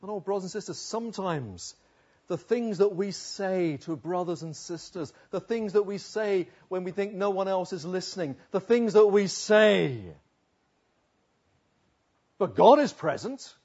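A man preaches a sermon in an earnest way, climbing to emphatic declamation and then sinking to hushed asides. His voice is a touch husky and sits a little high. The recording sounds somewhat dull and lo-fi. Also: expressive, moderate pace.

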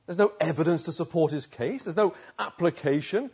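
A man preaching a sermon through a Bible passage, wry and conversational, often dropping into quiet asides. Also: a little high, fairly quick, breathy edge, lo-fi sound. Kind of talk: expository sermon.

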